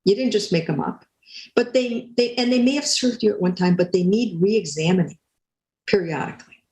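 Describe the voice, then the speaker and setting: An older woman speaking as a guest, telling a story in a lively way and acting out quoted lines. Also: mid-range voice, moderate pace, reverberant, low-quality recording. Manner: animated, acts out quotes. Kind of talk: storytelling talk.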